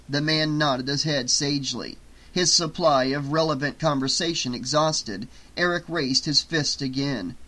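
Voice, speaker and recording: A male audiobook narrator with a slightly high voice. He reads the story in a steady, even storytelling manner. It is scripted narration throughout. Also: measured pace.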